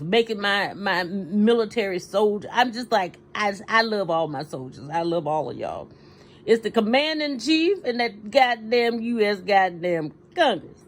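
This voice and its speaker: A woman's voice: medium pitch, animated, normal speed, rough recording. A tired woman in a personal vlog rant, outspoken, heated and profane, talking in her kitchen late at night. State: tired and sleepy. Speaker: vlogger.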